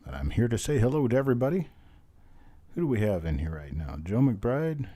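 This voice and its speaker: A hoarse man, his voice still recovering, hosting a live online coin auction in a folksy, chatty way and calling out bids over and over. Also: medium pitch, very animated, brisk, dark tone. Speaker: auctioneer host.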